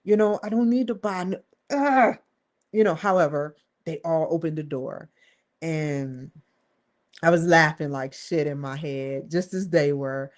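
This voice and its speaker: A woman's voice: deep voice, measured pace. A woman talking to the camera in a rambling, candid vlog monologue, swearing freely and leaning hard on stressed words. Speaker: vlogger.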